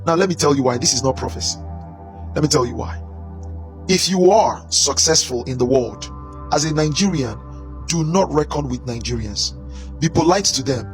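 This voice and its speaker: Emphatic man with a higher voice. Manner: emphatic, repeats phrases for stress. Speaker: commentator. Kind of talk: opinion monologue to camera.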